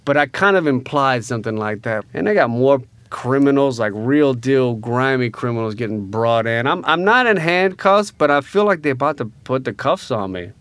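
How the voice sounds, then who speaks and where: Profane, animated man telling a story. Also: mid-range voice, moderate pace, few pauses, clear, resonant tone, no echo. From Louisiana. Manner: animated, profane, swings between hushed asides and loud rants. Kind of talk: casual comedic storytelling.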